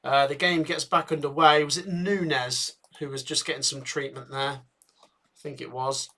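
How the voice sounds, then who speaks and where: A man hosting a live football watchalong, chatting with viewers and getting excited at chances, a bit tired. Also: mid-range voice, normal speed. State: tired, yawning. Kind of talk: live match commentary and chat.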